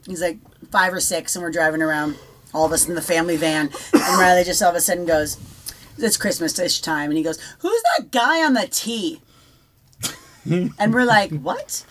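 A woman's voice: lowish voice, a little fast, slight background noise. A woman in casual conversation, joking and telling a family story, acting out the voices of the people in it. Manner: joking, animated storyteller who acts out quotes.

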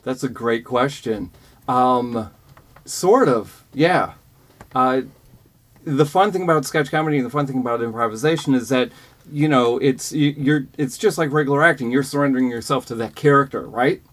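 Man, comedy performer, laid-back, thoughtful, mid pitch. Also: moderate pace. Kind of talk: casual chat.

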